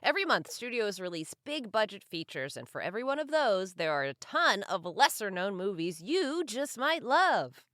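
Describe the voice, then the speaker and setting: A woman co-hosting a podcast in casual chat, teasing and wry and quick to laugh. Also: mid-range voice, very animated, fairly bright tone, no echo, clean studio sound. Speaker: podcast co-host.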